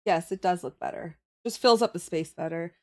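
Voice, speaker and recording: A woman's voice: fairly low pitch, fairly quick. A woman streamer, out of breath, chatting casually and thinking aloud while she draws on a livestream. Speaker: streamer drawing emotes.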